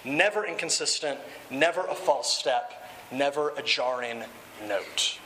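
A middle-aged man preaching a sermon, emphatic, slowing down and dropping low to land his key points. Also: noisy background. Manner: emphatic, slows down and drops pitch for key points. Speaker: pastor.

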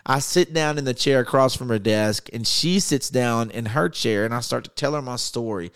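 A man preaching in an earnest storytelling way, often halting and restarting as he recounts a personal story. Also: mid-range voice, clear, resonant tone, dry recording, studio quality. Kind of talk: storytelling sermon.

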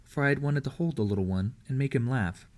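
A man reading a historical novel aloud as an audiobook. His storytelling is steady and measured. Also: mid-range voice. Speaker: audiobook reader. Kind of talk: audiobook narration.

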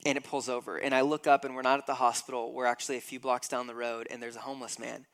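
A man's voice: medium pitch, flat delivery, fast, fairly bright tone. A man in his thirties preaching a sermon, emphatic and acting out scenes with growing intensity. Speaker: pastor.

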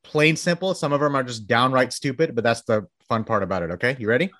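A man's voice: medium pitch, animated, fast, fairly bright tone. A man hosting an interview on a video call, upbeat and chatty with frequent restarts and laughs. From Texas, Dallas area. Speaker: podcast host. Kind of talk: casual interview chat.

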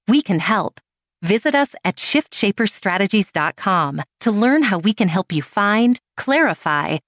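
Female announcer, upbeat scripted ad spot, dry studio sound. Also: no room sound. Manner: polished, upbeat pitch. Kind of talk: scripted ad read.

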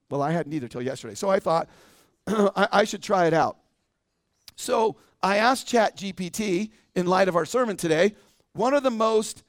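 In a church sanctuary, a man with a high-pitched voice preaches a sermon as pastor. He keeps it conversational, asking the congregation questions and tacking on "right?" often. The sound is clean studio quality with no room sound.

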